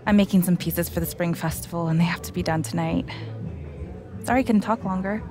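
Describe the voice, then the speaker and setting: A woman's voice: fairly low pitch, a little fast, close to an everyday voice. A friendly, earnest townswoman in a video game, voiced by an actress. Her lines come kind and sincere, with game music underneath. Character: friendly welcoming adult woman, warm townsperson.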